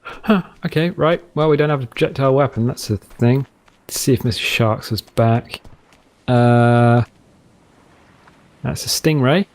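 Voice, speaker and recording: A man's voice: medium pitch, measured pace, long pauses, darkish tone. A British man casually commentating a survival game, rambling and playful, now and then slipping into mock pirate talk. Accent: English. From Britain. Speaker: gameplay commentator. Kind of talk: casual let's-play commentary. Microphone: headset.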